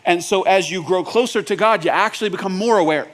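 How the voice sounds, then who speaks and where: A male pastor preaching a sermon in a casual, joking, conversational way, often checking in with the congregation with quick questions. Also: high-pitched. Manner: asks the audience rhetorical check-ins.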